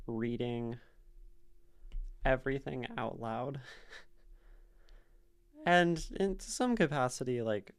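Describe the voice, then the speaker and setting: A male streamer with a clear, resonant, medium-pitched voice works through a poem's rhyme and meter in his streaming room. He thinks aloud and reads lines back to himself in a casual poetry analysis on his live stream.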